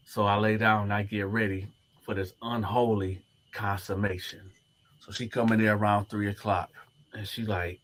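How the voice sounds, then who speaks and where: A man who once served time recounts a story for the camera at a moderate pace, his voice fairly low. He brings it to life by performing everyone else's quoted lines.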